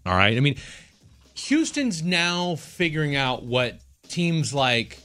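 A man co-hosting sports talk radio, animated and rambling with many restarts. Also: on the high side, slow, faint music behind.

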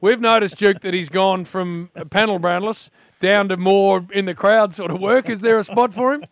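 High-voiced teasing radio co-host. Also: male voice, steady tone, moderate pace, no room sound, studio quality. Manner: teasing, laughs often. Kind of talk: casual radio banter.

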